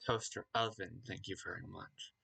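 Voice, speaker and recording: Man playing a sardonic AI toaster oven, male, dry, teasing, bright voice. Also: deep voice, fairly even intonation, normal speed, vocal fry, slightly rough, full character voice. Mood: wry.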